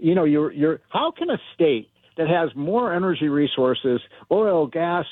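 A man calling in as a guest on a talk radio show, talking in an animated, rambling way with lots of fillers. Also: a little high, measured pace, dry recording. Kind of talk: phone-in interview. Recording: tinny phone line, dry.

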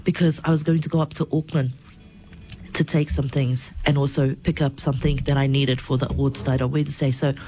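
A congested-sounding speaker co-hosts a radio show. They chat in an animated, storytelling way, steady mid pitch, in a studio. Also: brisk. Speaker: radio co-host and children's author. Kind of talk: casual on-air chat.

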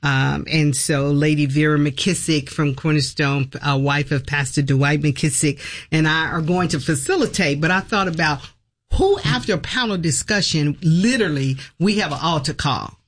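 A woman's voice: sits low, moderate pace. A woman organizing a church conference talks about it on a radio show, sounding enthusiastic and affirming, with plenty of fillers. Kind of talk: casual radio conversation.

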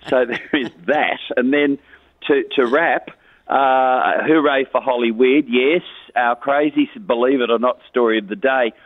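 A man's voice: medium pitch, unhurried, no room sound. Brief: man calling into radio with gossip, chatty and chuckling, tinny phone sound. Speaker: entertainment news contributor. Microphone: phone line.

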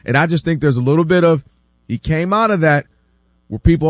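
A man hosting a casual sports debate, animated and acting out quotes from other people, often repeating words as he builds his point. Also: fairly high pitch, fairly quick, no echo, clean studio sound. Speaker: sports talk show host.

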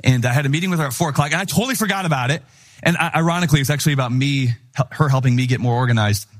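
A middle-aged man preaching a sermon in an animated, conversational way, acting out the people he quotes. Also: mid-range voice, very fast. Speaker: pastor.

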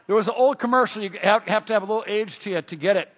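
A middle-aged man preaching a sermon in an animated, emphatic, repetitive way. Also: high voice, racing. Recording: dull reverberant church sound.

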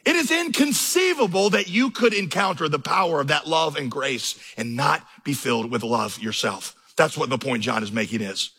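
A man's voice: on the high side, normal speed, hardly any pauses, pushed and bright, husky. A man preaching a sermon as pastor, telling stories and building to impassioned emphasis. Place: large church auditorium. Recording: reverberant hall.

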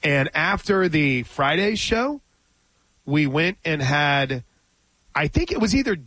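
A man's voice: fairly high pitch, sing-song, slow pace, sharp tone, dry recording, poor audio. A man hosting a sports talk radio show in a studio, chatty and telling stories. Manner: chatty, storytelling. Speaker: radio host.

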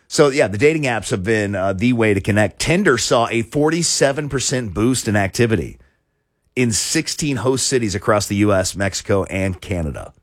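Husky, lively-voiced male talk show host. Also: lowish voice, moderate pace, no echo, studio quality. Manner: rambling, with many restarts and chuckles. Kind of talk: casual talk show chat.

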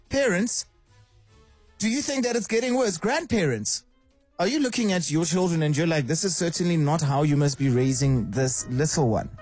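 Male radio host, high husky voice, animated and opinionated delivery. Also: dry recording. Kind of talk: casual radio chat.

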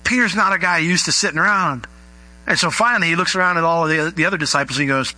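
A middle-aged man delivers a sermon in a bright, ringing voice that sits a little high for a man. He tells his stories animatedly, leaping up in pitch whenever he acts out what people said. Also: fast talker, rough recording. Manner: animated storytelling, acting out quoted voices with big pitch jumps. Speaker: pastor.

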